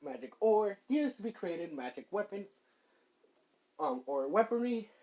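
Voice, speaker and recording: A fan storyteller voicing a calm, all-knowing inner guide voice, explaining things in a matter-of-fact way with an everyday voice. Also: mid-range voice, measured pace, pitched above the performer's own voice.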